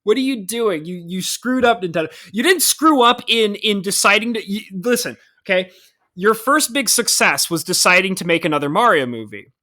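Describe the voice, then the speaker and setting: A man co-hosting a podcast in casual chat, excitable and rambling, often laughing. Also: high voice, normal speed. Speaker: podcast co-host.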